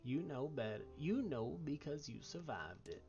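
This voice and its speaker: A man voicing a feisty, blunt old grandmother with a Southern drawl, gruff and scolding. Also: mid-range voice, sing-song, a little slow, a little mellow, muffled recording. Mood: stern tender.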